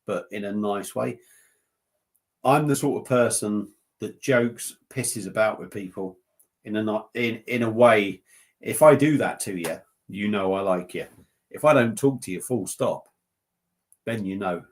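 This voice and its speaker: A man hosting a casual beer-review livestream, joking and rambling with plenty of swearing. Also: fairly low pitch.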